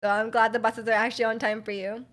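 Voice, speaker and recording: A woman's voice: fairly high pitch, little pitch movement, fast, a bit bright. A young Canadian woman streaming casual chat. She is giggly and filler-heavy, and her mouth is dry from hours of talking. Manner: chatty, giggly, lots of fillers.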